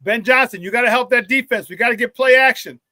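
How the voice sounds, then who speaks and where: A man's voice: very high voice, quick pace, pushed and bright, no echo. A man hosting a live sports talk stream, reading chat comments and ranting bluntly, often laughing at his own jokes. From Chicago area.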